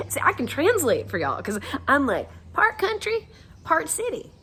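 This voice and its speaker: A woman's voice: very high voice, huge pitch swings, slow pace, sharp tone. A middle-aged woman with a Southern American accent from Atlanta, leading a guided laughter session in a chatty, folksy way, laughing often.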